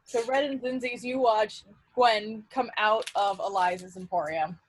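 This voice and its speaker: A woman narrating as game master of a tabletop game, relaxed and hedging as she sets the scene. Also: mid-range voice, moderate pace, poor audio.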